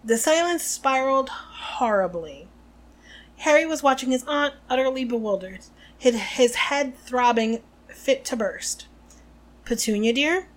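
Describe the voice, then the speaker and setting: A woman co-hosting a podcast, narrating a novel aloud in an expressive way and chatting about it. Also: high voice, unhurried. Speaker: podcast co-host.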